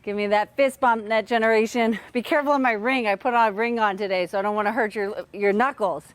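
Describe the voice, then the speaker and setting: A woman's voice: medium pitch, fairly even intonation, fast, dry recording. A woman coaching kids through a live online tennis workout, upbeat and counting drills aloud, sometimes out of breath.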